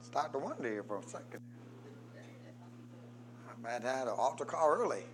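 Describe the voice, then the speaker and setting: A man preaching a sermon as pastor, prompting the congregation to answer and swinging between loud emphatic calls and low quiet asides. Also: expressive, moderate pace.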